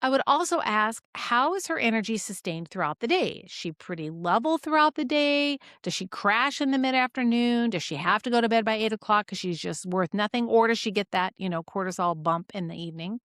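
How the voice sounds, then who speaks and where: A middle-aged woman teaching clinicians in a lively, conversational way, full of rhetorical questions. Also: a little high, a little fast, few pauses, dry recording, studio quality. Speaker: health educator.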